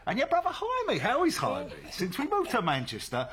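Middle-aged end man, effusive, nostalgic, wildly swooping pitch. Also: wildly swooping pitch, moderate pace, a crowd in the background, full character voice. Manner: warm, effusive, nostalgic, chatty. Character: fond middle-aged East End man visiting old friends. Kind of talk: stage drama dialogue.

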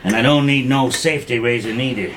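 A man playing a gruff farm worker who drawls in rural dialect. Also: medium pitch, brisk, background noise, close to an everyday voice. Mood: grumbling.

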